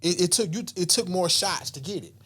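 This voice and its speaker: A man's voice: high-pitched, lively intonation, brisk, sharp tone, husky. A man, telling a story in casual, slangy talk and acting out voices and whispers. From Southern US. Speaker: podcast guest.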